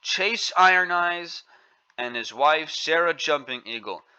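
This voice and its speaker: Angry guy ranting on his commentary channel, really sharp bright voice, kinda dull mic. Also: fairly high pitch, animated, measured pace, clean tone, no echo. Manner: indignant, scolding, repetitive.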